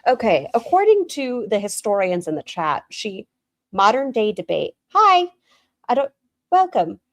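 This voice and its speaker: A woman's voice: a little high, sing-song, a little slow, dry recording. A woman hosting a reaction stream, commenting in a dry, mocking way.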